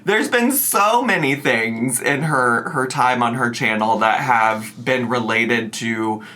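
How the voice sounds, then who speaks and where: A man's voice: mid-range voice, takes it slowly, bright, forceful tone. A man hosting a reaction channel, talking casually and sarcastically, laughing as he goes. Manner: chatty, sarcastic, laughs through lines. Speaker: commentary channel host. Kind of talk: reaction commentary.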